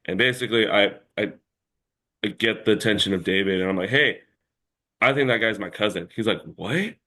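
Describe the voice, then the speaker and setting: Low-voiced man rambling through a story. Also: fairly quick, pushed and bright. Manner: rambling storyteller with many filler words. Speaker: interview guest. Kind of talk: casual interview chat.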